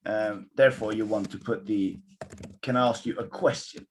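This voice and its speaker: A man's voice: on the low side, fairly even intonation, normal speed, slight background noise. A man teaching a live online Mandarin lesson, switching between English and Mandarin and coaching a student encouragingly. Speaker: Chinese teacher.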